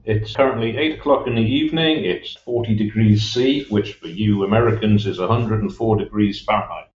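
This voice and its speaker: A man's voice: fairly low pitch, a little fast, darkish tone. A man who is a company director guest in a casual interview, with cheerful, wry remarks, heard over a remote line. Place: Dubai. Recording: dull, roomy, distant remote line.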